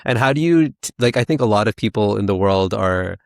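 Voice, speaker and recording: A man's voice: lowish voice, expressive, brisk, vocal fry, no room sound, clean studio sound. A man hosting a podcast, asking the guest questions and rewording them as he goes. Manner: searching, rephrases his questions as he talks. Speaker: podcast host. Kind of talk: interview questions.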